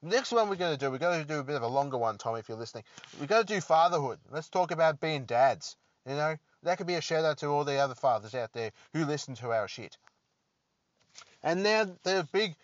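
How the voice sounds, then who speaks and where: A man with a fairly high voice hosts a solo podcast, rambling along with jokes at his own expense. The recording is dull, lo-fi and very dry. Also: dry recording. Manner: rambling, joking, self-deprecating. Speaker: podcast host.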